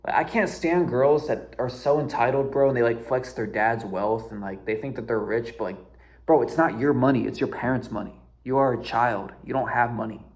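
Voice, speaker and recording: Young man, casual storytime, mid-pitched voice, slangy, exasperated, swears a lot. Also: brisk, a little mellow. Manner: slangy and exasperated, peppered with "like" and "bro", swears freely. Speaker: storyteller vlogger.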